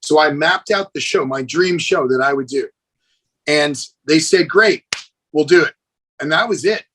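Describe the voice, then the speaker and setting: Husky, enthusiastic man telling stories. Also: on the high side, normal speed, low-quality recording. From United States. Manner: enthusiastic, animated storyteller, says "dude". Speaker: guest, celebrity fitness trainer. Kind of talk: casual podcast interview.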